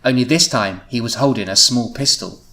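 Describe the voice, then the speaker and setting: A man's voice: medium pitch, brisk, pushed and bright. A man hosting a comedic podcast, reading his old teenage writing aloud and often giggling at it. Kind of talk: comedic podcast read-through.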